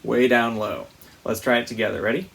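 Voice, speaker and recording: A man gently and patiently teaches young children a music lesson, demonstrating vocal slides with high sung sounds. His tone is steady with some vocal fry, and he talks a little fast.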